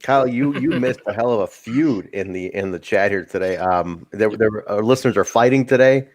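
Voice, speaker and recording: Guy hosting a podcast, lively, swears a lot, dry mic. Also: lowish voice, a little fast, no echo. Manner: animated, swears freely. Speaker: podcast host. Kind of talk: casual chat.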